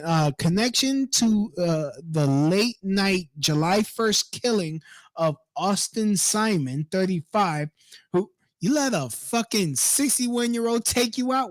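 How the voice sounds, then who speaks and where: Reading a news item out loud, a male online commentator with a high voice rants with profanity and indignation, breaking off to ridicule those in the story. The sound has no echo.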